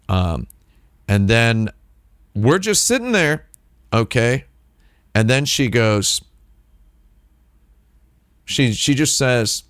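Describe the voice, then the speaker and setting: A man's voice: mid-range voice, sing-song, takes it slowly, long pauses, a bit bright, no echo, clean studio sound. A man hosting a livestream, telling a long, digressive anecdote with wry asides. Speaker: livestream host. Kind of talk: casual storytelling on a livestream.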